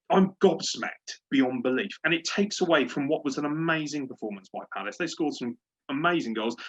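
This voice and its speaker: A man's voice: a little high, slightly rough. Ranting, swearing man. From Britain. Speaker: podcast host. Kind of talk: casual sports chat. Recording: dull lo-fi podcast audio.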